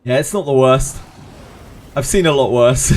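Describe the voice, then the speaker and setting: Speaking slowly but animatedly, a man with a medium-pitched, darkish voice streams games and chats casually with his viewers. He replies to them by name and laughs a lot during the live-stream chat.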